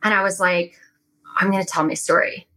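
Woman podcast guest, animated storyteller, bright and forward tone. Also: lowish voice, a little fast, poor audio. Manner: animated storytelling, many fillers. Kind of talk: casual chat.

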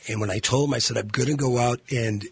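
A man hosting a radio show, telling stories in a casual, animated way and laughing often. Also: mid-range voice, fast talker, gravelly, slightly rough, no echo. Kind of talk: casual storytelling conversation.

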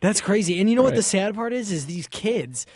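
A man hosts a relaxed radio chat, reacting to a caller with quick jokes and easy laughter. His voice sits a little high and swings widely in pitch. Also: husky, no room sound, clean studio sound. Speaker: host.

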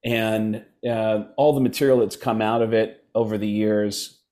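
A man who is a comedian guest, telling animated stories and switching into voices for the people he quotes. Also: on the low side. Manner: lively anecdotes with quick voice switches for quoted people. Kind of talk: animated storytelling chat.

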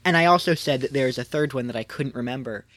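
A man co-hosts a casual podcast, walking through an explanation with hesitant restarts. His voice sits in a middle pitch. The sound is dry and close. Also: quick pace, fairly bright tone, no room sound. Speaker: podcast co-host.

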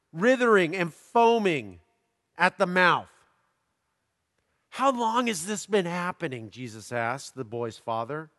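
A man preaching, reading a scripture passage aloud and pausing to comment on it in a slow, deliberate manner. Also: high voice, a bit bright. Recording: long hall reverb.

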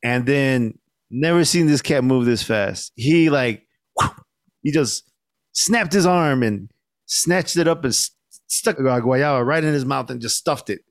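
A young man on a podcast telling a story in casual chat, laid-back and swearing a lot, acting out the shouted lines he quotes. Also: medium pitch, unhurried, no echo, studio quality. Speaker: podcast co-host.

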